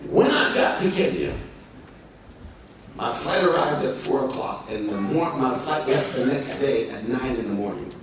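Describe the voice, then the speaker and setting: A man's voice: mid-range voice, expressive, normal speed, background noise. An American man preaching a sermon, telling a comic story animatedly and acting out dialogue. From United States. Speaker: pastor. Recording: echoey hall from far off with crowd.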